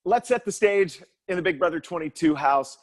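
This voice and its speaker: A man's voice: on the high side, expressive, moderate pace. A man hosting a podcast, setting up a recap in casual chat, eager and stumbling over words now and then. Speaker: podcast host.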